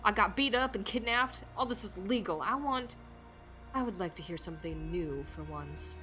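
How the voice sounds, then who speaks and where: A woman's voice: medium pitch, animated, moderate pace, music in the background, close to an everyday voice. A woman voicing a frightened captive canine protagonist in a game, anxious and protesting.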